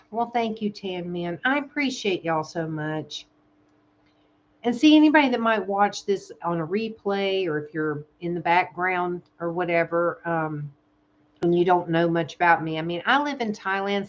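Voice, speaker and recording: Woman, Southern American accent, casual live-stream chat, soft-spoken, a bit dull and lo-fi audio. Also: mid-range voice. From Southern United States. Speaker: ASMR channel host. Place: home in Thailand.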